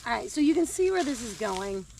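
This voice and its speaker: A woman's voice: fairly high pitch, sing-song, brisk. Chatty woman digging in her garden. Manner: chatty and easily delighted, laughs often. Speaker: gardening vlogger. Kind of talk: casual chat while working. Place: outdoor garden. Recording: outdoor recording with clear background noise.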